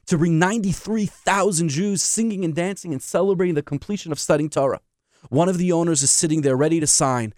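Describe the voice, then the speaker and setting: A man's voice: on the high side, fairly quick, no echo, clean studio sound. A man, a rabbi, giving a sermon full of stories and emphatic rhetorical questions. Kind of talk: sermon with storytelling.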